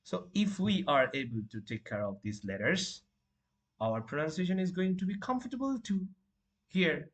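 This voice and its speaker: A man's voice: fairly high pitch, big pitch swings, moderate pace. A man teaching beginners to pronounce letters, repeating each word and correcting common mistakes. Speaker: English teacher. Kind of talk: beginner pronunciation lesson.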